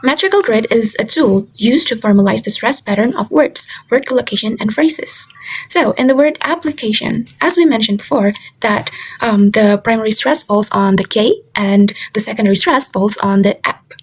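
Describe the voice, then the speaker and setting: A young woman whose first language is Indonesian gives a class presentation, carefully repeating example words slowly. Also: fairly high pitch, breathy edge, low-quality recording. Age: young adult. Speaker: student presenter. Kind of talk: class presentation on word stress.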